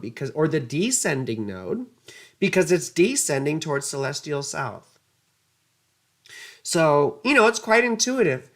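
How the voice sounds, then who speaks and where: A woman astrologer giving a casual astrology lesson, easily flustered, muttering curses and wandering into rambling asides. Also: low-pitched.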